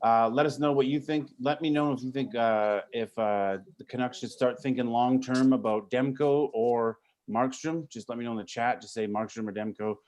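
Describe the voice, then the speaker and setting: A man's voice: medium pitch, normal speed, hardly any pauses, darkish tone. Male host, loose swearing banter on a call-in sports stream. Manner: profane, joking, rambling. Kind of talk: casual sports talk stream. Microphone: video call.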